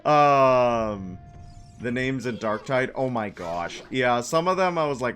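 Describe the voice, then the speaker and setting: A man streaming a game, chatting casually and rambling excitedly through quick asides. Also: medium pitch, faint music behind. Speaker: gaming streamer. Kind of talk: casual gameplay chat.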